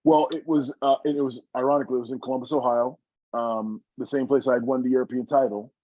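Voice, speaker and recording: A man's voice: mid-range voice, steady tone, quick pace, dry recording, highs cut off. A man, a former wrestler, telling stories from his career in an interview, earnest and emotional with many restarts. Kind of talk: reflective interview storytelling.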